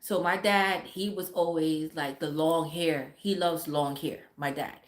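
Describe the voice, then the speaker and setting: A woman's voice: low voice, steady tone, measured pace. Blunt, profane woman in a roomy space. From Caribbean family. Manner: blunt, profane, laughs a lot. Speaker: livestreamer and mother. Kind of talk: casual livestream chat. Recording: roomy echo.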